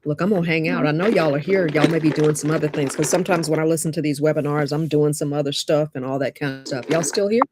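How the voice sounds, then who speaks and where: A woman hosting a live webinar, chatty and lively, talking straight to her viewers. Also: low voice, quick pace, hardly any pauses, background noise. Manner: lively, chatty, addresses audience as y'all. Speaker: webinar host and dating coach.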